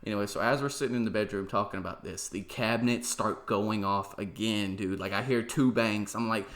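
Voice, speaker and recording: A man's voice: fairly low pitch, steady tone, brisk, few pauses, fairly bright tone. A young man hosting a podcast, telling a story in casual chat with lots of "like" and "dude" and some swearing. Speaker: podcast host.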